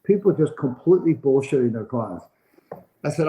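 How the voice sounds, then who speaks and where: A man's voice: mid-range voice, animated, a little fast, warm tone, low-quality recording. An older man, a sports agent being interviewed on a podcast, telling a long story and acting out the dialogue of the people in it.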